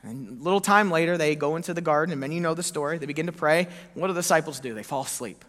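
A man preaching a sermon as pastor, telling the story in an animated way and acting out the quoted lines. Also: a little high, racing. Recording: echoey hall reverb.

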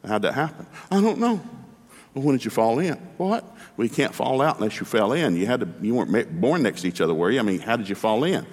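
A middle-aged man preaches in a fast, folksy storytelling way, his pitch swinging widely as he acts out each voice in a conversation. His voice carries a long reverb from a large hall. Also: husky. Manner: folksy, animated storyteller acting out both sides of dialogues. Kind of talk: sermon with storytelling.

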